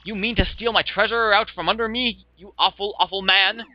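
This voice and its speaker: A man's voice: high voice, fairly even intonation, a little fast, pitched above the performer's own voice, natural voice. A man voicing a vain, flamboyant male merchant captain in a pompous, theatrical manner. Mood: haughty. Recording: dull lo-fi with music.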